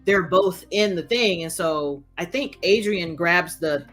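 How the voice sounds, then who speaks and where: A woman's voice: lowish voice, unhurried, over music. A woman co-hosting a casual podcast chat about a TV episode, recounting scenes expressively and laughing often. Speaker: podcast co-host.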